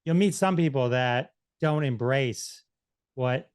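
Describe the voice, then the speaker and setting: A man's voice: mid-range voice, slow pace, a little mellow, no room sound. A man hosting a podcast interview, talking in a friendly, rambling way and restarting his sentences. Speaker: podcast host. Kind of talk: casual interview.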